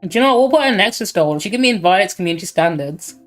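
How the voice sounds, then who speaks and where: A woman's voice: mid-range voice, expressive, racing, soft background music. A woman hosting a casual gaming stream, joking and steering through a tier list.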